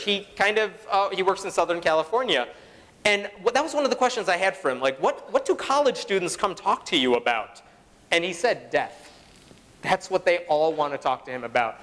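A man's voice: on the high side, fairly bright tone, in a large hall. A man giving a conference talk to an audience, conversational, with fillers and quoted asides. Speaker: conference speaker. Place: conference hall.

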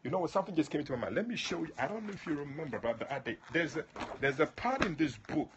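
A man's voice: on the high side, expressive, fast, fairly bright tone, highs cut off, slight background noise. A man preaching at a livestreamed prayer meeting, fervent, calling on listeners by name and repeating his points. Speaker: prophet and prayer leader.

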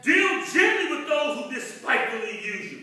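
A man preaching a rhythmic sermon to his congregation, building to shouted refrains, recorded from far off in a church. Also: extremely high pitch, big pitch swings, normal speed, heavy reverb. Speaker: pastor. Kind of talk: call-and-response sermon. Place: church sanctuary.

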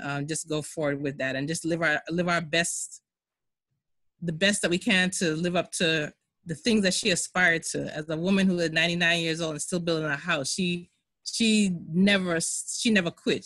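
A woman speaking chattily on a family video call, rushing through asides. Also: low voice, fairly bright tone, no room sound. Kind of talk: casual remarks on a video call.

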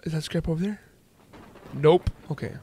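Excitable man doing game commentary. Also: a little high, normal speed, a little hiss or hum. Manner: excitable, jokey, exclaims and laughs often. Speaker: gaming channel host. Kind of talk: let's play commentary.

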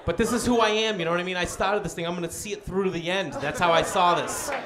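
A man's voice: high-pitched, fast. A man telling a story in stand-up, acting out the voices of the other people in it. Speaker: stand-up comedian. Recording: live club crowd and noise.

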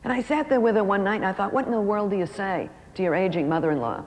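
A middle-aged woman, an author and speaker, telling a personal story in an emotive way and slowing down for emphasis. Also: medium pitch, expressive, a little mellow. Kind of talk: storytelling talk. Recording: reverberant hall with faint noise.

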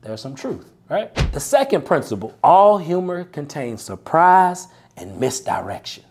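A man, coaching sales reps in a punchy, animated, preacher-like way, often tagging lines with "right?". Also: a little high, a little slow. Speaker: sales coach and podcast host. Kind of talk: motivational sales coaching talk.

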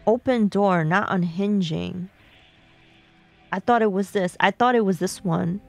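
A woman's voice: medium pitch, unhurried, vocal fry, darkish tone. A woman live-streaming a video game, chatting to her viewers and talking to herself as she plays. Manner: chatty, talks to herself and chat while playing.

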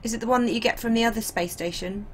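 A woman's voice: a little high, fast, slight background noise. A woman streaming a game, chatting casually and laughing often. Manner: chatty, laughs often, reads chat aloud. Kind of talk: casual live-stream chat.

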